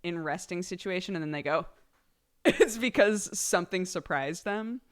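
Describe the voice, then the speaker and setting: A chatty woman streaming live, with a slightly low voice. She talks casually and giggles often between her words. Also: expressive, moderate pace, smooth. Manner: reads out subscriber thank-yous.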